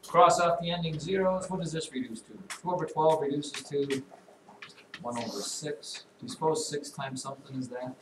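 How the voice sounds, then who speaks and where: A man's voice: a little high, moderate pace. A man teaching a classroom math lesson, talking students through a problem with dry, teasing asides. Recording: echoey classroom, voice from far off, clear noise.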